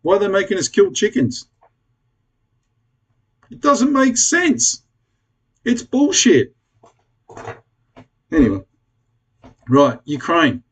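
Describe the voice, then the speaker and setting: A man's voice: sits high, huge pitch swings, slow pace, pauses often, husky. Blunt, swearing Australian man ranting. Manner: blunt, swearing, pleading and rambling. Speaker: prepper vlogger. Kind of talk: casual rant to camera.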